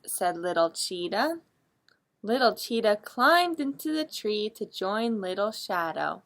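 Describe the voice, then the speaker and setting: Woman, librarian, children's story time, coaxing questions, slow pace, lively pitch. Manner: animated, coaxing questions to young listeners. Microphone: streamed live.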